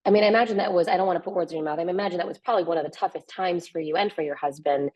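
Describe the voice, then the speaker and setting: Fast-talking interviewer woman, muffled. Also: on the low side, breathy edge. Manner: gentle, careful questioning.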